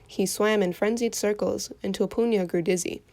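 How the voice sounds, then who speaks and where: Expressive woman reading a folktale. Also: medium pitch, moderate pace. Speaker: storyteller. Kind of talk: reading a folktale aloud for children.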